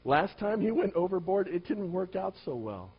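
A man preaching a sermon, firing rhetorical questions at the congregation and swinging between loud emphatic lines and quiet low asides. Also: very animated, moderate pace, slightly rough. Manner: asks the listeners many rhetorical questions. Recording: dull lo-fi recording.

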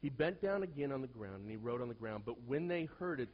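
Husky guy pastor preaching in church, goes quiet then loud, sound kinda dull and muffled. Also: mid-range voice, brisk, hardly any pauses. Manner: animated storyteller, swings from quiet to loud. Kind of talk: sermon with personal storytelling.

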